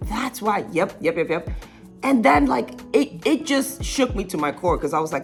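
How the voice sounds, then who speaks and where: A woman's voice: medium pitch, big pitch swings, normal speed, faint music behind. A young woman vlogger telling a childhood story in a casual, rambling way, full of fillers and little laughs.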